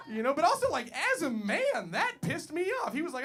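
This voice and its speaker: A young man performing stand-up in a small club, his voice high and bouncing all over the place. The live recording carries a clear layer of noise under the mic. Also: a little fast. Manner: animated, jumps loud for acted-out lines. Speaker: stand-up comedian. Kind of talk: stand-up comedy set. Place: small comedy club stage.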